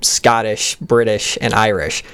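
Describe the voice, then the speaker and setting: A man's voice: fairly low pitch, measured pace, creaky, a bit bright, clear, resonant tone. Rambling young man musing on accents. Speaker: student actor, guest. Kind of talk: casual interview chat. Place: radio studio.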